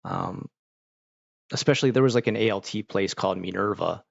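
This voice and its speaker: A man's voice: sits low, huge pitch swings, brisk, gravelly, no room sound, dull audio. A man telling rambling stories with many fillers as he chats casually with viewers. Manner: rambling, storytelling with lots of fillers. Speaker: streamer.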